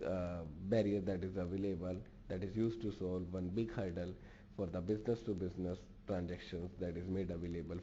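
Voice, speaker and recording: A man's voice: low-pitched, dark tone. A man giving an online business lecture in a formal way, restating each point in other words. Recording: dull lo-fi recording with faint noise.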